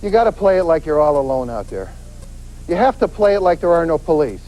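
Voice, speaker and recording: A man, a police detective, giving a lively lecture on avoiding crime, acting out quoted voices and hammering points with repetition. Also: fairly high pitch, fairly quick, low-quality recording. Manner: animated, acts out quoted voices, emphatic repetition.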